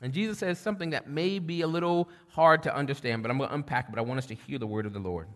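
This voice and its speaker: Pastor preaching in a reverberant hall. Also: male voice, medium pitch, very fast. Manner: swings from loud preaching to quiet storytelling. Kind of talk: sermon.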